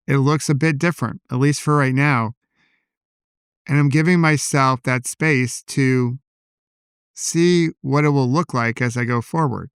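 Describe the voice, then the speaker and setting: A man hosting a solo podcast, talking in a calm, personal, reflective way into a podcast microphone. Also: mid-range voice, clean tone, no echo, clean studio sound. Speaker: podcast host.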